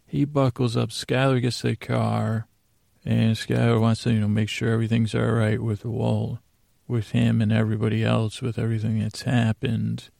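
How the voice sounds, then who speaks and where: A man hosting a sleep podcast, recapping a TV episode in a meandering, halting way with many pauses and self-corrections. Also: medium pitch, level tone, vocal fry, darkish tone, no room sound, studio quality. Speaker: podcast host.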